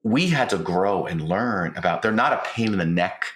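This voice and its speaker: Older guy, low voice, telling stories earnestly on a podcast, bit of room echo. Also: moderate pace, slight background noise. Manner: earnest, storytelling, voice lifting when excited. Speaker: podcast co-host. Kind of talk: conversational podcast talk. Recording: roomy echo.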